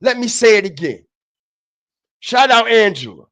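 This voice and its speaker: A man streaming a heated, profane commentary who keeps repeating his points, shifting from low muttering to shouting. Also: sing-song, a little slow. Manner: repetitive, emphatic, often repeats phrases; profane and confrontational.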